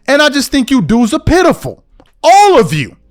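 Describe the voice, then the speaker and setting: High-pitched man ranting, exasperated. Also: huge pitch swings, normal speed. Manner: exasperated, repetitive, emphatic. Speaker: podcast host. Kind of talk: heated rant to camera.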